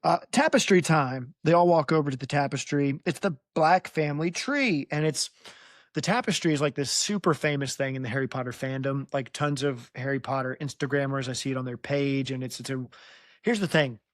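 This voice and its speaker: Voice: medium pitch, fairly quick, dry recording, studio quality. A podcast host retelling a book in casual chat, teasing the guest and laughing often.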